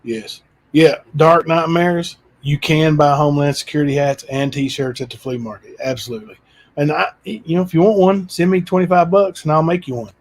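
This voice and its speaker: A man's voice: fairly high pitch, fairly even intonation, normal speed. A man hosting his own livestream channel, chatting loosely with frequent fillers. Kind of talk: casual chat.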